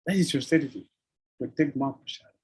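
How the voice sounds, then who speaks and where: Swami guy, husky voice, lecturing, says things twice. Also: medium pitch, fast talker, darkish tone, low-quality recording. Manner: repeats phrases, chuckles, uses devotional terms. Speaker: swami giving a scripture lecture. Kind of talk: sermon.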